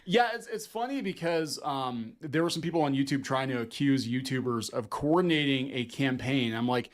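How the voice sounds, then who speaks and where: A man's voice: medium pitch, normal speed. A man co-hosting a casual podcast chat, talking in a jaded, dry and dismissive way. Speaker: co-host.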